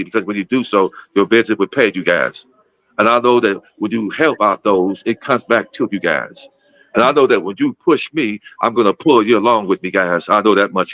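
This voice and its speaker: A man's voice: on the low side, moderate pace, pushed and bright, dry recording, highs cut off. A man in his fifties from Gary, Indiana, telling a personal story in a casual, repetitive way, often calling his listeners guys. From Gary, Indiana, USA. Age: 50s. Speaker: guest speaker.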